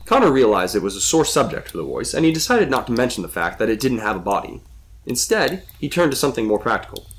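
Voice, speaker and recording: A man reading a suspenseful story as a storyteller with steady narration. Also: medium pitch, fast talker.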